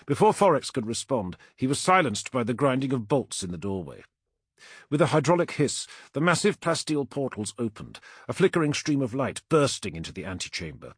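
A man narrating a science fiction audiobook in a dramatic, measured style. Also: mid-range voice, breathy edge, no echo, studio quality. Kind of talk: scripted narration.

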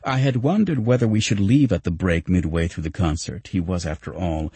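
A male audiobook narrator with a lowish, husky voice. He reads in a measured, reflective way. The sound is close and dry. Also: warm tone, no room sound. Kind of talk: audiobook reading of nonfiction.

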